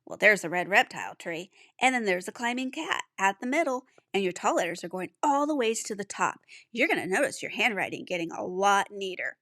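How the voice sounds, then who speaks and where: A woman teaching young children to write letters, patient and sounding out each letter slowly. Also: mid-range voice, expressive, bright, forceful tone, no echo, clean studio sound. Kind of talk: handwriting lesson for young children.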